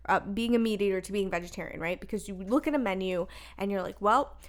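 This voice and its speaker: A woman co-hosting a podcast, chatting casually and telling stories in an animated way. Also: mid-range voice, fast. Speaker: podcast co-host. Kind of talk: casual chat.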